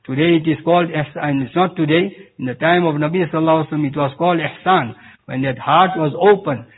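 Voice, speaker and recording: A man giving an Islamic sermon as a Sufi preacher, halting and restarting, with Arabic recitation woven in. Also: fairly high pitch. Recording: tinny phone-like recording.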